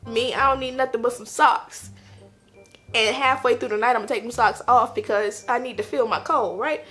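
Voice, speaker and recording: A woman telling a personal story in a casual, animated way, repeating lines for emphasis. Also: a little high, normal speed, faint music behind. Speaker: vlogger.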